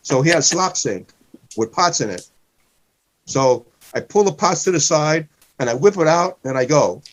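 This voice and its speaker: A man's voice: fairly high pitch, expressive, normal speed. A man, a comedian, casually telling a rambling story, often restarting and stopping himself. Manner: rambling, self-interrupting.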